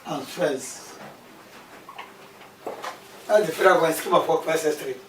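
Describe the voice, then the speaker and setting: A man's voice: a little high, a little slow, a bit bright. A man teaching a maths class, repeating key terms and asking questions aloud. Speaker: mathematics teacher. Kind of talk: classroom lesson. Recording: echoey room from far off with faint background noise.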